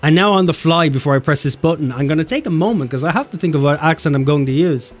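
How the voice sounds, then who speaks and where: A man's voice: on the high side, quick pace, faint music behind. An Irish man streaming a game, joking, swearing and reading the game's lines aloud. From Ireland. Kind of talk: casual game stream chat.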